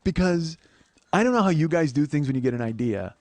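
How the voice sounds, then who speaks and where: Fast-talking profane male comedian. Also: a little high, lively intonation, a little mellow. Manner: profane, self-deprecating, rambling with restarts. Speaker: comedian and podcast host. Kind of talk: casual solo storytelling.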